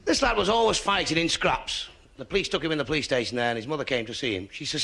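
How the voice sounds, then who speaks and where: A Mancunian man doing stand-up, firing off one gag after another and landing the punchlines flat. His voice sits a little high and gravelly, with a bright, sharp edge. His pitch swings widely as he jumps between the characters. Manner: brisk joke-telling with deadpan punchlines. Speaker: stand-up comedian. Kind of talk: stand-up comedy.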